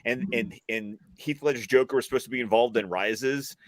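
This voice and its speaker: A man ranting as a guest on a video call panel chat, animated and swearing freely. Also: medium pitch, fairly quick, no room sound, studio quality.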